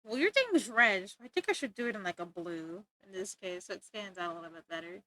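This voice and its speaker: A woman's voice: medium pitch, expressive, fast, pushed and bright, no room sound. A woman chatting casually to her viewers while streaming art, bubbly and laughing often. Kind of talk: casual livestream chat.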